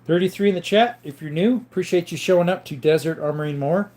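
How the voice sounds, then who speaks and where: A man hosting a live stream in casual chat, greeting viewers and reading their questions aloud, explaining things in a relaxed, rambling way. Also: on the high side, fast talker.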